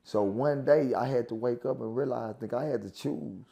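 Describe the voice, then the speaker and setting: A man with a dark, mellow, gravelly voice speaks in casual storytelling. He is earnest and repeats key phrases to drive his point home. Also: mid-range voice, normal speed. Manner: earnest, repeats himself for emphasis. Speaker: interview guest.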